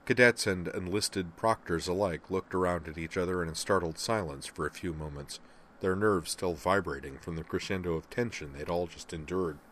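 A man narrating a novel in an even storytelling manner. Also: low-pitched, moderate pace, few pauses, a little hiss or hum. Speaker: audiobook narrator. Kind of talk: scripted narration.

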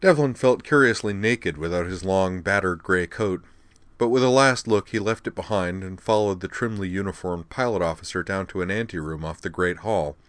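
A male audiobook narrator with a deep, low voice, reading in a steady, measured way. The recording is close and dry, with no room sound behind him. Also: no room sound. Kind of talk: scripted narration.

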